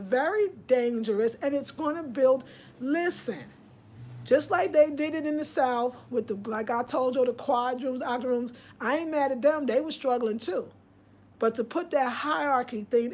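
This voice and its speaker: A woman's voice: high-pitched, a little mellow. Outspoken woman host on a live stream. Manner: outspoken, preachy, reads viewer comments aloud. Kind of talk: casual live-stream chat.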